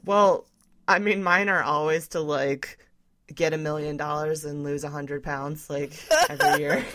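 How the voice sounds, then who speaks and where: A woman's voice: deep voice, fairly even intonation, unhurried, a bit bright. A woman co-hosting a podcast in casual chat, blunt and teasing, swearing freely. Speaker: podcast co-host.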